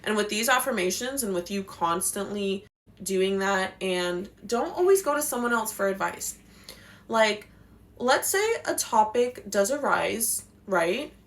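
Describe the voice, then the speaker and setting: A woman's voice: medium pitch, animated, measured pace, a bit bright. A young woman giving spiritual life advice in a casual, passionate, slangy talk, swearing now and then. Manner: passionate, slangy, swears, acts out quotes in voices.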